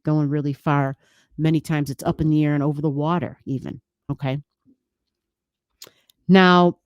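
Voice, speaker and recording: A woman's voice: sits low, a little mellow, no echo, studio quality. A woman astrologer talking casually at home into a desk microphone, rambling a little, repeating phrases and laughing often. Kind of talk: casual chat about astrology. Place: room at home.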